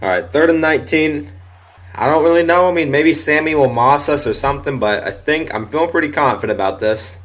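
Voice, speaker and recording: Excitable young man commenting on gameplay. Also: on the high side, fairly quick. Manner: excitable, swears often, shouts at big plays. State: voice briefly giving out. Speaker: gaming commentator.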